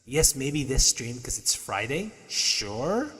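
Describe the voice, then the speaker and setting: A man's voice: mid-range voice, sing-song, slow pace, pushed and bright, big-room sound. Laid-back slangy male streamer. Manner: laid-back, slangy, reading chat aloud. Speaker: livestream host. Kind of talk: casual livestream chat.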